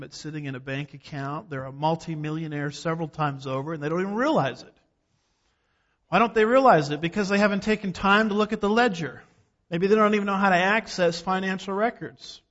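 A man's voice: on the high side, a bit bright. A man preaching a sermon, emphatic, with rhetorical questions and folksy asides. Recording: dull sound with long hall reverb.

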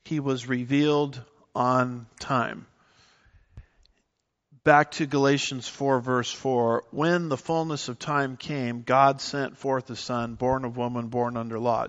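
A man's voice: medium pitch, a little slow. Emphatic male preacher, slightly lo-fi. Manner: animated, emphatic teaching with scripture references. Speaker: pastor. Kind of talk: sermon.

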